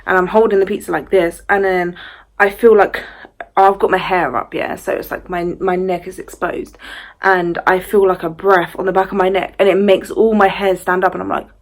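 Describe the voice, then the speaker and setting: A young woman, casually telling a personal ghost story to her channel, full of "like" and animated retelling. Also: medium pitch, moderate pace. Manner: chatty, fillers of "like", animated retelling. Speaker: vlogger.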